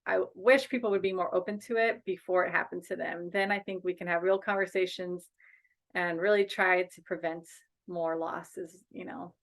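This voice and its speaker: A woman's voice: lowish voice, fairly even intonation, moderate pace, creaky. A woman speaking as a guest in a casual interview over a video call, earnest and outspoken, a bereaved mother and advocate.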